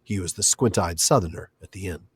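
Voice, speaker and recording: A man's voice: sits low, husky, no echo. A man co-hosting a podcast in a casual book discussion, reading passages aloud and laughing easily. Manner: animated, reads passages aloud, quick to laugh. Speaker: podcast co-host.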